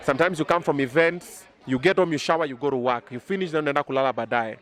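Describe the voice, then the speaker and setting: A Kenyan man, around his thirties, talks through a casual interview with lively, boastful energy. He speaks in quick bursts and drops in Swahili phrases, and he is recorded outdoors in the city. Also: fairly high pitch, a faint crowd. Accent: Kenyan English. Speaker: media personality interviewed. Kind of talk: casual interview chat mixing English and Swahili.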